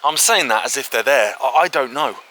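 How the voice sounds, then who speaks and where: A host of walking exploration videos chats to camera as he walks outdoors through fields, woods and an old quarry. He's excitable and brisk, with a very bright mid-range voice and frequent filler asides.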